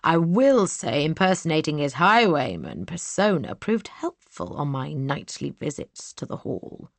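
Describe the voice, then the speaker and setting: A woman voicing a cool, scheming young man who sneers and sometimes drops to a hush. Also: sits low, big pitch swings, measured pace, creaky, no echo, heavily acted. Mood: coolly boastful. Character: cold scheming young man, villainous brother.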